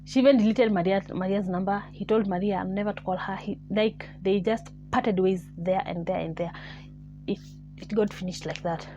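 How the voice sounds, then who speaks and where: A woman's voice: medium pitch, moderate pace, lo-fi sound, faint music behind. A woman casually telling a story as a vlogger, repeating herself and dropping to near-whispers. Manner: animated, repetitive, musing, drops to near-whispers.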